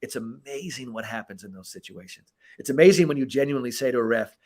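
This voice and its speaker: A man's voice: medium pitch, fast talker, slight background noise. A man hosting a podcast as a coach, talking in a casual, emphatic way that is full of swearing. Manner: emphatic, profane, animated delivery. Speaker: podcast host and performance coach.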